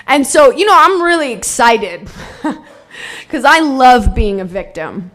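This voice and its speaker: A woman's voice: high-pitched, sing-song, slow pace, a bit bright. A woman telling her own recovery story in a blunt, darkly funny way, swearing freely. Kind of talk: candid personal testimony.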